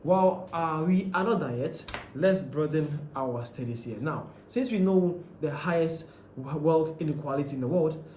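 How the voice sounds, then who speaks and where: Male host, slightly high voice, chatty and questioning, echoey room, faint hiss. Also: normal speed, few pauses, a little mellow. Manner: conversational, questioning, with many fillers and restarts. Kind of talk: casual commentary on a ranked list.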